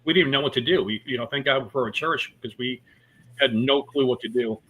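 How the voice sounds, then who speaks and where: A comedian telling personal stories in a casual interview, mixing jokes and fillers. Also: male voice, medium pitch, fast talker, fairly bright tone. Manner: storytelling with jokes and many fillers. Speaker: comedian guest.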